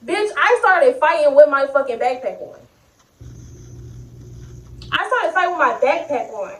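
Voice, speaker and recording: A young adult woman telling a story in a casual, animated, profane way, speaking straight to her viewers. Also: sits high, measured pace. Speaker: vlogger. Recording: roomy sound, distant mic.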